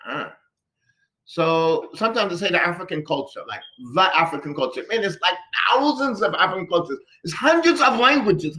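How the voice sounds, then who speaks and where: A man's voice: high-pitched, bright, forceful tone. A man giving a religious lesson in a mosque, firing rhetorical questions at his listeners and repeating phrases for emphasis. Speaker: religious teacher. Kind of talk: classroom-style religious lesson. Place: mosque hall.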